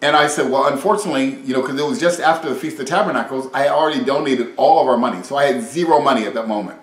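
A man preaching an informal sermon, reading scripture and retelling conversations in a lively, conversational way. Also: mid-range voice, very fast, echoey room, rough recording.

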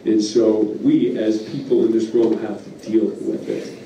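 A man gives a plainspoken public talk and takes questions, pausing often with fillers. His voice is dark and mellow. He is picked up from a distance, so the sound is roomy and carries faint background noise. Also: fairly low pitch, steady tone. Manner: plainspoken, loose and halting with fillers. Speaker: wolf biologist speaking at a public meeting. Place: meeting room. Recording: echoey hall from far off, faint noise.

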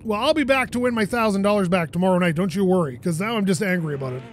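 Racing along in a voice that sits high, a man runs a let's play for his gaming channel, talking to himself animatedly and swearing when things go badly. There's a little hiss or hum.

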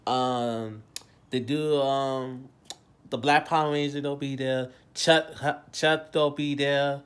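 A man in his late twenties rambling in a casual monologue, repeating himself, his voice swinging between loud bursts and low mumbles. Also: fairly even intonation, slow, clean tone. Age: late 20s. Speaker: vlogger.

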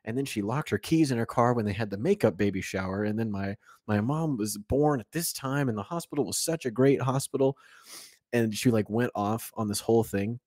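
A man's voice: medium pitch, a little mellow, dry recording, studio quality. A young man co-hosting a podcast, telling a family story in casual chat, speeding up and laughing as he goes. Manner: storytelling, quick bursts, laughing asides. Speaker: podcast co-host.

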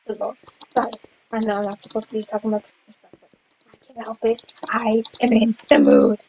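A woman giving casual gameplay commentary as host of her channel, excitable, humming and chanting to herself while she plays. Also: on the high side, normal speed, lo-fi sound, slight background noise.

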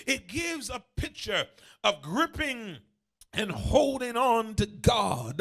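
A man preaching a sermon as a bishop, building into shouted, sung cadences with repeated phrases and frequent "uh" fillers. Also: very high-pitched, expressive, slow pace, vocal fry.

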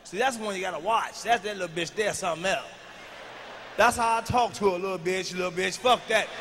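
Stand-up comic, man, very high and sharp voice, crude shouty rants, big hall reverb. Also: fairly quick, slight background noise. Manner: profane, loud ranting with shouted bursts. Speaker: stand-up comedian. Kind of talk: stand-up comedy routine.

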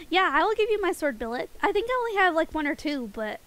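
A woman's voice: very high voice, a bit bright, poor audio. A woman streaming a game and chatting playfully with her viewers, giggling often. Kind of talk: casual game stream chat with chat.

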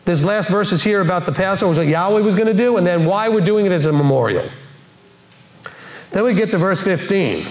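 A high-voiced man teaches scripture to a congregation. He slowly defines Hebrew terms and explains each one carefully. His voice carries the echo of a roomy hall. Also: lively intonation.

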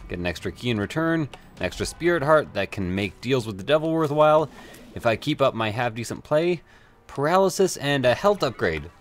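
A man's voice: medium pitch, very animated, a little fast. A man commenting on his gameplay as a let's play host, in a rambling, offhand way with mild swearing. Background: faint game music.

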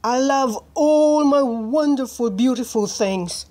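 A woman reading a storybook aloud and voicing a proud, fretful king who exclaims loudly, with music playing behind. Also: high voice, takes it slowly, voice pushed up. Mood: exasperated.

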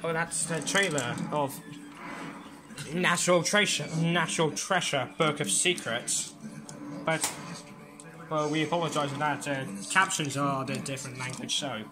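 A reaction host, giving slow, casual commentary on a DVD opening and saying "mate" again and again. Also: mid-range voice, noisy background. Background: loud DVD trailer music.

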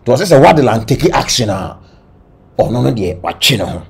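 A man with a Ghanaian accent giving animated entertainment-news commentary, switching between Twi and English. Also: mid-range voice, normal speed, gravelly, breathy edge. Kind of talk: gossip commentary.

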